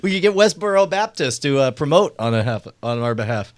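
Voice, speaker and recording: A man's voice: medium pitch, big pitch swings, brisk, a little hiss or hum. A man hosting a late-night podcast, bantering playfully and laughing often. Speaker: podcast host.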